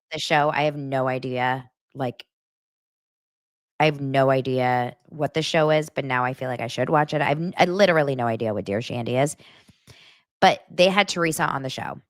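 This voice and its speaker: A woman hosts a celebrity gossip show, offering casual commentary in a chatty, dramatic, rambling manner. Her voice is deep with a fairly bright tone.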